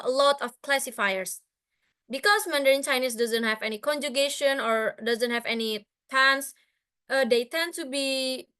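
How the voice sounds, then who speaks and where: A young woman with an Indonesian accent gives an online presentation with slides as a guest speaker. Her fairly high voice is smooth, bright and pushed, and she sounds hesitant, using many fillers and restarts.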